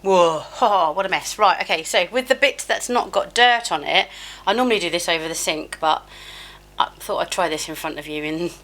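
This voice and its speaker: A woman in her fifties talks through her skincare routine at home in a lowish, bright voice. She is chatty and self-deprecating, often laughing at her own mishaps. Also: normal speed. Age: 50s. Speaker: beauty vlogger. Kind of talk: casual skincare tutorial chat. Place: home, at a sink. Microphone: camera close up.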